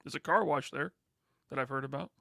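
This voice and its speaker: Gravelly, bright-voiced joking host. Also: male voice, medium pitch, brisk, dry recording, studio quality. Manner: joking, curious, teasing. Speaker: livestream host. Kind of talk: casual livestream chat.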